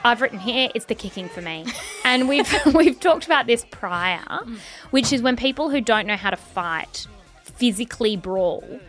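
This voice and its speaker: A woman's voice: a little high, expressive, normal speed, fairly bright tone, faint music behind. A woman co-hosting a podcast in casual chat, chatty and wry, often laughing. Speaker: podcast co-host.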